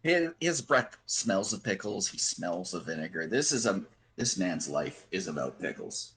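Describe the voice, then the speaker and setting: A man running a tabletop game as game master over a voice call, talking haltingly with many fillers. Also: low-pitched, sing-song, a bit bright, husky, low-quality recording. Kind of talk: narrating a tabletop game online.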